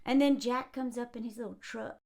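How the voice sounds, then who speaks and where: A woman's voice: on the high side, steady tone, a little fast, vocal fry, a little mellow. A woman reviewing a movie in casual spoken commentary, sarcastic and mocking, chatty with lots of likes and ums.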